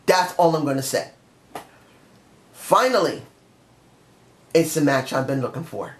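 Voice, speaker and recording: A man's voice: a little high, lively intonation, unhurried. A man giving a blunt, rambling wrestling review in a casual vlog, swearing now and then. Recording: roomy echo.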